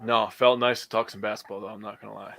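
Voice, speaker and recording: A man co-hosting a casual sports podcast who jokes around, exaggerates playfully, and gets animated in his storytelling. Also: lowish voice, fast, gravelly. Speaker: podcast co-host.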